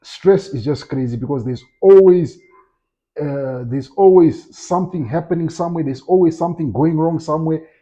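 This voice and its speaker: A man's voice: on the high side, moderate pace, dull audio. A man, a farming vlogger, telling a casual story and acting out the other voices, often stumbling and restarting his words. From Namibia. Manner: animated, acts out quoted voices, frequent repeated restarts.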